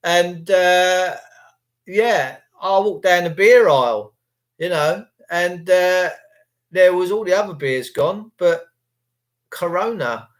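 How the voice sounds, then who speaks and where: Swearing, mocking middle-aged man. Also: slow. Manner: crude, swearing, mocking, jumps to high mimicking voices. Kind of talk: casual ranting monologue.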